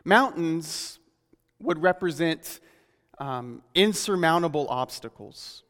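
Earnest male preacher, slightly high voice, slows for emphasis; sermon taped in a reverberant hall. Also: lively intonation, a bit bright.

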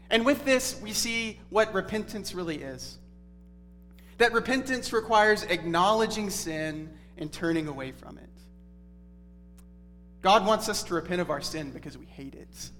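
A man's voice: high-pitched, a bit bright, slight background noise. A man preaching an expository Bible sermon in a conversational, earnest teaching tone. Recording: reverberant hall with faint music.

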